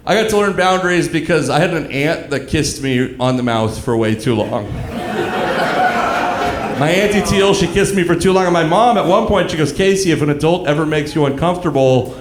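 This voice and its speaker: A man in his thirties performing a stand-up comedy set, telling dark stories in a deadpan way with asides to the audience. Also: on the high side. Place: comedy club stage, live audience. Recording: echoey club room with crowd laughter.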